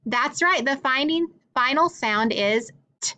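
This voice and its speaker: A woman's voice: high voice, lively intonation, sharp tone. Encouraging woman teaching a phonics lesson. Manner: encouraging, slow and clear, with frequent praise. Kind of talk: phonics lesson for young children.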